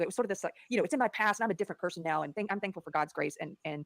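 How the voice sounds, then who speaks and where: A woman's voice: fairly low pitch, vocal fry, no echo. A woman speaking earnestly in conversational podcast talk, restarting her phrases often, on a close mic. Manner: fast, earnest, many restarts.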